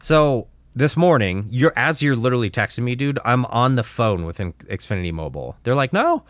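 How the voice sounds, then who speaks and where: A man co-hosting a casual podcast, telling a story in an animated way, acting out dialogue and swearing. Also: medium pitch, a little fast, dry recording, studio quality. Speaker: podcast co-host.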